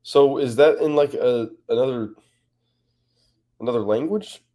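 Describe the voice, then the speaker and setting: A man's voice: medium pitch, measured pace, mellow. A man as a guest on a livestream, chatting casually and reading viewer comments, laughing often and joking.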